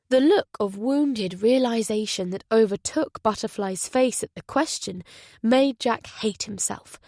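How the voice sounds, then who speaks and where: A woman narrating a thriller audiobook in a steady, even delivery. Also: mid-range voice, a little slow, no room sound, clean studio sound. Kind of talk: scripted narration.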